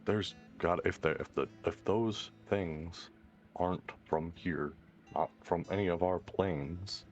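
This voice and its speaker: A man voicing a grim, brooding male warrior in a tabletop game, speaking coldly and haltingly. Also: low-pitched, darkish tone, highs cut off, soft background music, pitched below the performer's own voice. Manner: cold, slow and halting.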